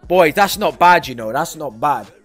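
A man, commenting excitably as he opens football game packs for his stream viewers and yelling at big pulls. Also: a little high, moderate pace, faint music behind. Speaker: gaming streamer. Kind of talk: excitable pack-opening commentary.

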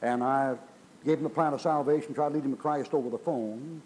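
A man's voice: medium pitch, fairly even intonation, brisk, a little mellow, poor audio. Folksy preaching man, slight hiss. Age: older. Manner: folksy, colloquial preaching with storytelling. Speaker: pastor. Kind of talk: revival sermon. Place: church sanctuary.

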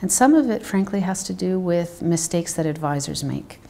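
Low-voiced woman, measured interview talk. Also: animated, creaky, dark tone. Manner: measured, explanatory, with fillers. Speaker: financial psychologist. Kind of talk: interview answers.

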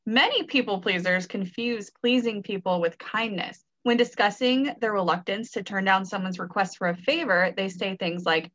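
A woman co-hosting a casual podcast, with a bright voice and a playful, teasing way of talking. Her audio sounds somewhat dull and muffled. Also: medium pitch, moderate pace, hardly any pauses. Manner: playful, teasing, laughs often. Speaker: podcast co-host. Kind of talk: casual chat.

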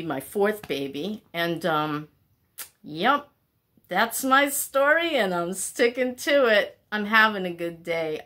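A woman's voice: medium pitch, fairly bright tone. A woman in her sixties talking in a casual, rambling vlog. She is heartfelt and candid, with plenty of fillers as she meanders. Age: 60s. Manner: chatty and meandering, with many fillers. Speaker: vlogger.

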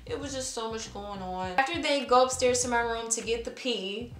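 A woman's voice: on the high side, normal speed, reverberant, faint music behind. A woman casually telling a personal story for her vlog, chatty and full of fillers, acting out her own nervous words.

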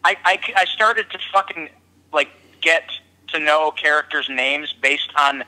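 A man's voice: a little high, unhurried, pushed and bright, rough recording. A man co-hosting a movie review podcast, rambling with restarts and lots of swearing. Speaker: podcast co-host. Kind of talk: casual movie review chat.

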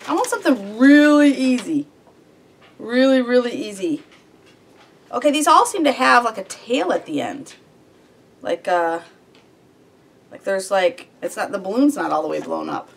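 A woman on her home farm chats to herself as she works, fretful and a little whiny. Her pitch leaps up and down, and it sits a bit higher than most women's. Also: sing-song, measured pace, gravelly, long pauses, slight background noise. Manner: fretful, whiny, talks herself through tasks. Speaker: homesteading vlogger. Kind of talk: casual self-talk while crafting.

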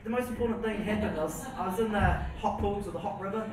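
Nervous rambling young New Zealand comedian. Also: male voice, sits high, quick pace, crowd noise. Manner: nervous, rambling, laughs at own jokes. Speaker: stand-up comedian. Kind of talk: stand-up set. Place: comedy venue with audience. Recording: roomy, distant mic with background noise.

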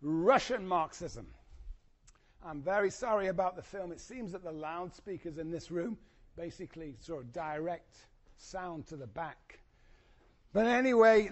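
A man past middle age lectures to a class in a hall. His voice sits fairly high and is wearing hoarse. He talks in an animated way, jumping up in pitch when he plays out what others said. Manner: animated, acts out quotes with sudden high pitch. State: voice going hoarse. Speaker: university lecturer.

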